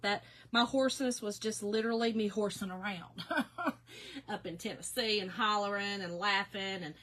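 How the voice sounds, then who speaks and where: A woman in her fifties, a little hoarse, chatting casually with viewers by name during a crafting live stream. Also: mid-range voice, bright, forceful tone. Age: 50s. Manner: chatty, talks to viewers by name, laughs often. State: slightly hoarse, recovering.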